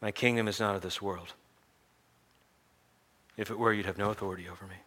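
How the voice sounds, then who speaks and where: A man voicing a calm, steady male teacher under arrest, speaking quietly and in a measured way. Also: fairly low pitch.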